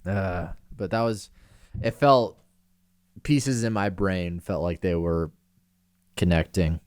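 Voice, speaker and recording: A young man in his twenties with a low, smooth, resonant voice, talking casually on a podcast. He rambles through self-deprecating stories and slips into giggles. The sound is dry and close. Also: slow, dry recording. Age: 20s. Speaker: podcast co-host. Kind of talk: casual chat.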